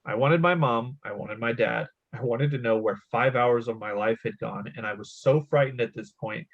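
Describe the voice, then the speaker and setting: Casting: man, thirties, podcast host, mid-pitched, casual storyteller, slightly dull lo-fi sound. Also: normal speed, creaky. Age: 30s. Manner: laughs often, swears casually. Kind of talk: casual podcast chat, reading a story aloud.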